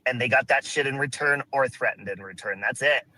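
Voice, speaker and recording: Bright, angry man ranting on a stream. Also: mid-range voice, fairly quick, rough recording. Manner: angry, defensive, profane. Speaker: caller on a live stream. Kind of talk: heated live-stream chat.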